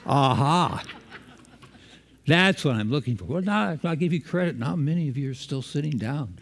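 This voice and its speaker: A man's voice: a little high, lively intonation, moderate pace, big-room sound. A man preaching a sermon, engaging the congregation with questions.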